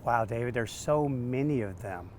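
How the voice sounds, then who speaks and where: Man, dog trainer, animated storyteller, mid pitch, faint traffic noise behind. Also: normal speed. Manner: animated, acts out quotes with laughs. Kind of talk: storytelling interview answers.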